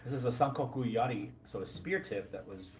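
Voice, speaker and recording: A man's voice: mid-range voice, brisk, music in the background. A man working at the shop, making short offhand remarks from away from the mic. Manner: offhand, brief remarks from off to the side. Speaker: shop coworker.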